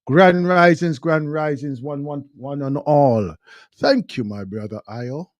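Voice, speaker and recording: A man's voice: fairly high pitch, takes it slowly, no echo, dull audio. A man hosting a live talk radio show, delivering an impassioned monologue and repeating phrases for emphasis.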